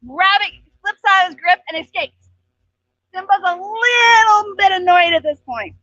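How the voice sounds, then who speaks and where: High, bright woman telling a folk tale. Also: a little slow, no room sound. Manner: animated, playful narration. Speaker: storyteller at court. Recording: dull lo-fi stream audio.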